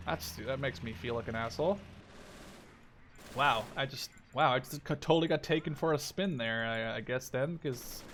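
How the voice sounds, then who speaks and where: A man's voice: medium pitch, normal speed, fairly bright tone, a little hiss or hum. A man in his twenties giving casual, rambling gameplay commentary, cheerful and jokey, swearing freely and stumbling over German words. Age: 20s. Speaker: gaming YouTuber.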